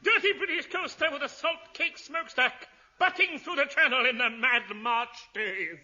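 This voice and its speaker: A man's voice: very high-pitched, moderate pace, pushed and bright. A man in old radio comedy, speaking in a mock-grand, plummy manner. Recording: dull old radio recording with faint hiss.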